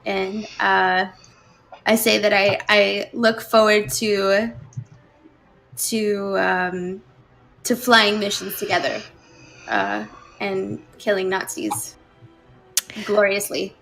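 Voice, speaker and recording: Slow, gravelly woman player. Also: medium pitch, a bit bright, soft background music, rough recording. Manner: slow, hesitant, many fillers. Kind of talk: describing her character's actions.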